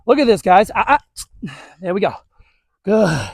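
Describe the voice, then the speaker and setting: Man, dog trainer, high voice, upbeat and chatty, outdoor street demo, dry close sound. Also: very animated, unhurried, gravelly, dry recording. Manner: upbeat, chatty, talks to viewers while praising dogs. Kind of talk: hands-on training demonstration.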